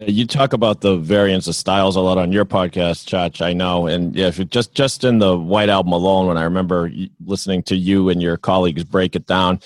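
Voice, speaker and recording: Joking male radio host, low voice. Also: fairly even intonation, a little fast, few pauses, dry recording. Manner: joking, laughing, runs a quiz game. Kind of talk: casual radio chat.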